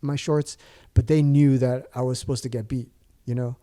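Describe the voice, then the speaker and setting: A man's voice: medium pitch, fairly even intonation, moderate pace, mellow. A man in his forties, a podcast guest telling a story in casual chat, rambling with restarts and fillers.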